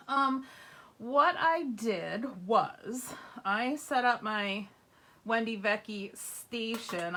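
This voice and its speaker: A woman's voice: a little high, fairly bright tone. A middle-aged woman hosting a casual live craft demo, slightly out of breath, chatty and greeting viewers by name. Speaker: crafting livestream host.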